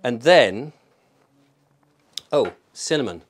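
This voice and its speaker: A man's voice: medium pitch, expressive, takes it slowly, slight background noise. A man from England chatting casually through a home cooking vlog, thinking aloud and making fun of himself. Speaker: vlogger. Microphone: microphone in a room.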